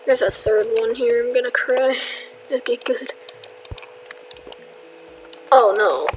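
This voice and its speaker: A woman with a higher voice talks slowly and casually through her gameplay, joking at her own mistakes and often slipping into a whisper. She sounds like she's at a desk microphone at home, with faint game sounds underneath her voice. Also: slight background noise, rough recording. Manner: chatty, self-mocking, drifts into whispers. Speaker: gamer.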